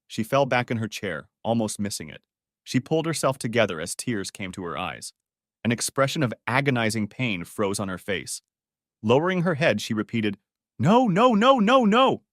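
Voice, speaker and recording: A man narrating a dramatic family story in an expressive reading. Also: fairly low pitch, normal speed, no echo, studio quality.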